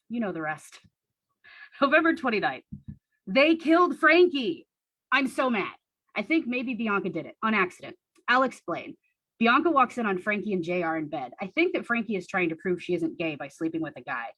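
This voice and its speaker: Young woman, husky, dry close sound, deadpan diary reading with wry asides. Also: medium pitch, no room sound, rough recording. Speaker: storyteller reading her teenage diary on stage. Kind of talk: comic reading of childhood diary.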